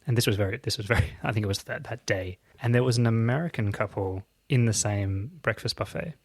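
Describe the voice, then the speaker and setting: A man with a fairly low voice co-hosts a casual political podcast. He spins chatty anecdotes and often checks in with his co-host by asking "right?". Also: brisk, no room sound. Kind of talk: casual political chat, storytelling.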